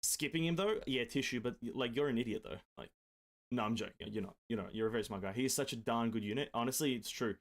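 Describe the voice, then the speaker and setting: A man's voice: medium pitch, fast. Guy on a game stream at his desk, chatty, reads out chat, jokey and swears a bit. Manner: chatty, reads out and answers viewer comments. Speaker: gaming streamer. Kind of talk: casual live-stream chat. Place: home desk setup.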